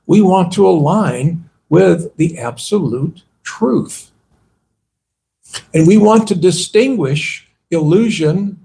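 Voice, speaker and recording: Slow, gravelly monk giving a sermon. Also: male voice, high-pitched, darkish tone. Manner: conversational, asks the audience rhetorical questions. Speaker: monk giving a temple talk. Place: temple hall.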